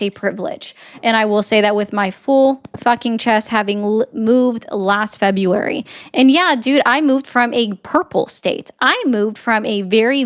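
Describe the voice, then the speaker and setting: American woman arguing politics, sarcastic and blunt, kinda high voice, lectures the other guy. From United States. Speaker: political commentator. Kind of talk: heated debate.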